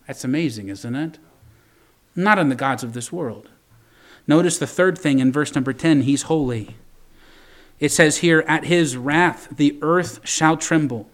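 A man preaching a sermon, calling out emphatic appeals to the congregation and reading scripture slowly and deliberately. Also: on the high side.

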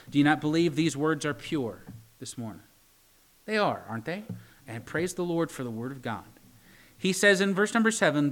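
Higher-voiced preacher reading scripture slowly. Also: male voice, animated, fairly bright tone. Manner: reads scripture slowly and deliberately, asks the congregation rhetorical questions; teasing asides. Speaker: pastor. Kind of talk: sermon.

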